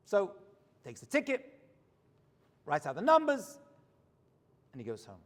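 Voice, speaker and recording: A man preaching a storytelling sermon as a rabbi in a synagogue, swinging from hushed asides to loud high points. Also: huge pitch swings, a little slow, big-room sound.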